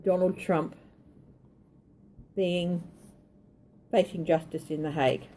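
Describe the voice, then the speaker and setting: A woman's voice: lowish voice, fairly even intonation, slow, warm tone, slight background noise. A woman giving a tarot reading, thinking aloud, hesitant and correcting herself as she goes. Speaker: tarot reader.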